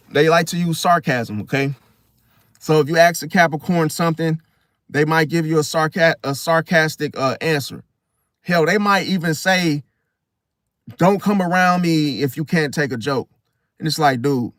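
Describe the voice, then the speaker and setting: A man's voice: on the high side, a bit bright, dry recording, clean studio sound. A man ranting bluntly in a casual monologue as host, swearing and acting out quoted voices. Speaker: astrology channel host.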